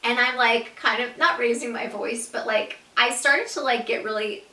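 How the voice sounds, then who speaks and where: Young woman vlogger, bright slightly high voice, chatty storyteller, roomy echo, a bit off-mic. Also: moderate pace, far from the mic. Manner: animated, swearing, lots of "like", laughs through story. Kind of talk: storytime vlog.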